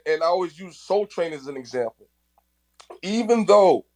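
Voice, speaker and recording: A man's voice: on the high side, a little mellow, low-quality recording. A man from the Bronx, speaking passionately in a casual audio chat and often repeating and restarting his words. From New York, the Bronx.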